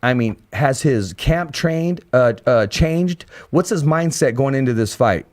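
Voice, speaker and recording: Podcast host, male, mid-pitched voice, high energy, stumbles and repeats himself. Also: unhurried. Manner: energetic, repeats words when excited. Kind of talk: casual interview.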